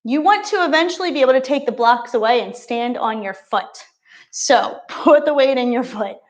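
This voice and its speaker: Woman yoga teacher, upbeat playful cues for beginners, voice on the high side. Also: lively intonation, normal speed. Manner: encouraging, playful step-by-step cueing. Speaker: yoga instructor. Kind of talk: live beginner yoga class instruction.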